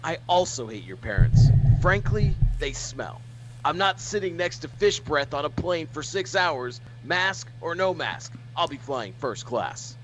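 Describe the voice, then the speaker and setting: A man's voice: a little high, very animated, unhurried, noisy background. A man putting on a snobbish rich young boyfriend, haughty and sneering, in a comedy read-through.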